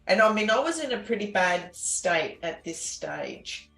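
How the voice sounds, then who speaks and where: A woman telling her personal story as an interview guest, earnest and halting, with many restarts and fillers. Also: mid-range voice, big pitch swings, bright, forceful tone. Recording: echoey room with faint music.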